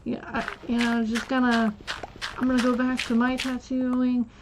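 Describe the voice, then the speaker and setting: A woman's voice: fairly high pitch, completely flat delivery, moderate pace, noisy background, close to an everyday voice. A woman quoting a flustered tattoo shop owner. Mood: awkward.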